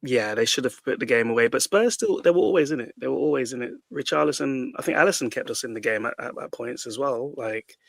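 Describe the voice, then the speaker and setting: A man's voice: mid-range voice, fast, gravelly, few pauses, no room sound. Sweary man ranting about football, dry sound. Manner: ranting, sweary, restarts a lot. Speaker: podcast panelist. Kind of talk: casual football debate.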